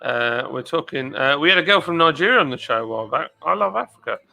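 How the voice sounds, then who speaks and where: A man's voice: fairly high pitch, expressive, fast, creaky, sharp tone, low-quality recording. An English man hosting a live stream, chatting casually and rambling as he reads out viewer comments. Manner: rambling, chatty, jokey asides.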